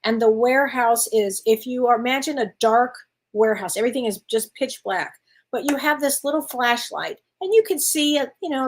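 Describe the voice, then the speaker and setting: A woman, a spiritual medium chatting encouragingly with viewers on a live stream. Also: a little high. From Wisconsin, USA. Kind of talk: casual live-stream chat reading viewer comments.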